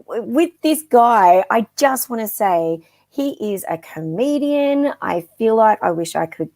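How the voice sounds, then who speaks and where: A woman's voice: a little high, animated, slow pace, darkish tone. A woman hosting a live-stream psychic reading, chatty and affectionate, with frequent ums and endearments. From Australia. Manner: chatty and affectionate, calls viewers darling, many ums. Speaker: psychic medium guest host.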